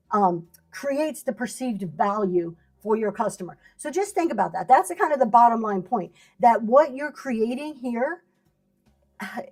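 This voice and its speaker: A chatty middle-aged woman gives a casual livestream lesson on selling. Her voice sits a little high, and she laughs often and greets viewers by name. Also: darkish tone. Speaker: live seller teaching selling.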